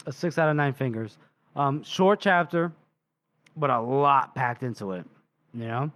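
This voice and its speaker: A man's voice: medium pitch, unhurried. A man co-hosting a book podcast, recapping a chapter in casual chat and acting out the characters' lines as he goes. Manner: animated retelling that acts out characters' lines. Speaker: podcast co-host.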